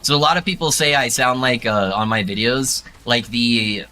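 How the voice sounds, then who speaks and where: A man's voice: mid-range voice, moderate pace. A young man streaming a game, chatting casually and loosely with his viewers, with a soothing narrator-like voice and a frequent easy laugh. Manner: relaxed, rambling, laughs often. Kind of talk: casual gaming stream chat.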